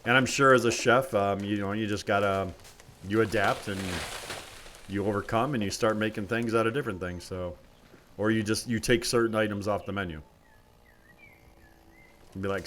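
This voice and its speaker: Chatty low-voiced man streaming a game. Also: fairly even intonation, moderate pace, pauses often, fairly bright tone, a little hiss or hum. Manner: rambling, chatty, talks to viewers while playing. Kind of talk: casual live-stream commentary.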